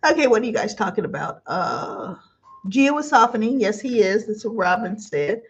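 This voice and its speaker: The sound is muffled, and her fairly high voice swings widely in pitch. She runs a live show reacting to a soap opera, casually chatting, reading audience comments aloud, and gushing with drawn-out exclamations.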